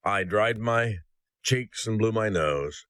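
A man preaching a sermon, telling a story aloud in an earnest, slow and solemn way. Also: fairly low pitch, a bit bright, clean tone, dry recording. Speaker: ministry host.

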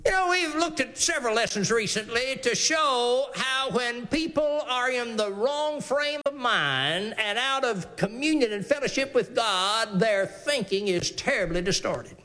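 A man's voice: very high-pitched, lively intonation, a little slow, few pauses, bright, forceful tone. A male preacher giving a folksy, emphatic sermon.

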